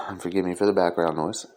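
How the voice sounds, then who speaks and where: Low-voiced man hosting a solo podcast. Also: darkish tone. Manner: loose and conversational, with frequent "um" fillers; earnest, sincere delivery. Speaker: podcast host. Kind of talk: casual solo podcast monologue.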